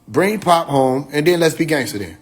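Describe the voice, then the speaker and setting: A man talking casually to his viewers on a phone livestream, excitable, laughing often and swearing freely. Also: fairly high pitch, normal speed, husky, soft background music. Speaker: livestream host.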